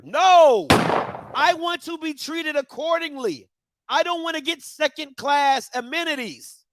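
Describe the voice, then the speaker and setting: A man's voice: very high voice, fairly bright tone, no room sound. A man hosting a commentary show, ranting passionately with repeated rhetorical questions and mocking voices of others. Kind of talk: passionate opinion rant.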